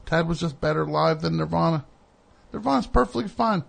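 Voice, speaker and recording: A man's voice: on the high side, a little fast, vocal fry. A middle-aged man hosting a radio show in a studio, chatting casually with an opinionated, teasing, rambling manner. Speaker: host.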